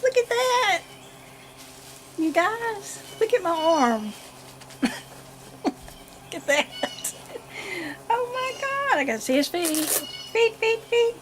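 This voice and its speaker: Woman vlogger, high and unhurried, giggly and gushing, faint noise underneath. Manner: gushing, giggly, talks to viewers and the doll. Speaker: doll collector vlogger. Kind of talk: casual unboxing vlog. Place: home nursery. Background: birds chirping.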